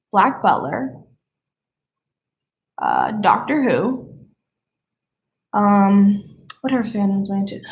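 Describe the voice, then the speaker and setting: A woman's voice: fairly high pitch, fairly bright tone. A young woman with a slight Southern accent, chatting casually on a live stream, rambling and easily sidetracked. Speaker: livestreamer.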